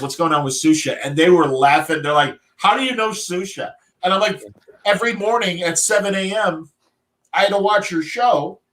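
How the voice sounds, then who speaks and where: Guy hosting a podcast, bright voice, joking around, keeps doing goofy voices. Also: a little high. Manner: animated, jokey, breaks into silly voices. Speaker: podcast host. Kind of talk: casual chat.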